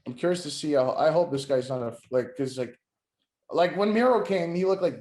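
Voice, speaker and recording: A man's voice: fairly high pitch, expressive, brisk, darkish tone. Young man in a roomy echo. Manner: enthusiastic, swears, trails off mid-sentence. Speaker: podcast co-host. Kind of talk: casual wrestling chat.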